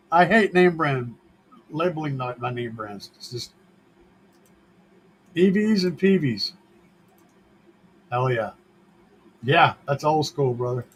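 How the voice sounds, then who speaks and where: A man's voice: fairly high pitch, slight background noise, rough recording. A man hosting a car audio show, chatting casually and answering viewer questions in a laid-back, joking manner and swearing freely.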